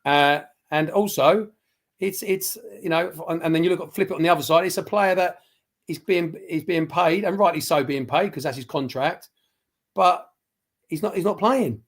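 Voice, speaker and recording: Male pundit, a little higher-pitched, rambling and passionate. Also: moderate pace. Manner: rambling, passionate, many restarts. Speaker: football pundit. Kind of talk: casual livestream football chat.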